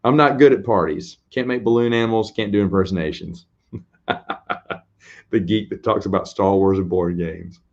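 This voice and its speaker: A fairly low-voiced man chats casually on a late-night stream, rambling and poking fun at himself. His voice comes through a dull, lo-fi recording. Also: normal speed. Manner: rambling, self-deprecating, laughs often. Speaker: host answering viewers' questions.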